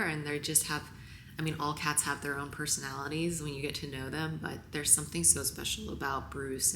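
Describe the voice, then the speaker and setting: A low-pitched woman speaks to camera in a roomy, echoing space with steady background noise. She is tearful and halting, her voice sometimes sinking to a whisper. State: crying. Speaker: vlogger. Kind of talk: emotional on-camera talk.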